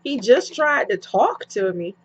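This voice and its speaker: A young woman vlogger telling a personal story in a casual, animated way, slipping into slang and acting out both sides of the conversation. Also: a little high, unhurried, husky. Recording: dull lo-fi home recording.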